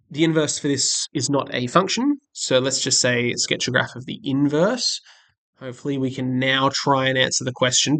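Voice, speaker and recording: A maths teacher with a medium-pitched, fairly bright voice works through an exam question step by step in a screen-recorded walkthrough. He's friendly and chatty, says um a lot, and draws with a stylus at a desk set up indoors with a webcam and tablet.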